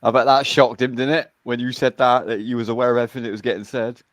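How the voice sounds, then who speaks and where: A man's voice: medium pitch, level tone, fast talker, no room sound. A man from the UK hosting a casual chat stream, rambling chattily with tag questions on a home computer mic.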